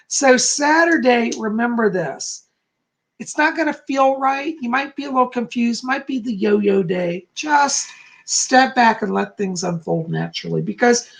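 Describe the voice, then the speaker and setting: Brief: male psychic live-streamer, gravelly, chatty and upbeat, drifts off topic. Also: sits high, a bit bright. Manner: chatty and encouraging, speeds up and slows down; laughs at himself, easily sidetracked. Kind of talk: live-stream forecast, reading viewer comments aloud.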